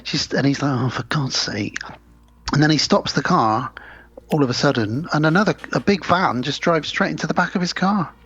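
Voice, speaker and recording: Guy recapping a film, husky voice, dry dull-sounding mic. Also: fairly high pitch, fairly quick, a bit bright. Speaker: podcast co-host. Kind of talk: casual film recap chat.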